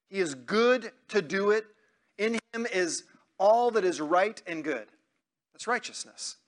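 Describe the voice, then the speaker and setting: A man's voice: high-pitched, expressive, a little slow. A man preaching a sermon to his congregation in a conversational way, asking them questions and acting out quoted prayers. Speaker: pastor.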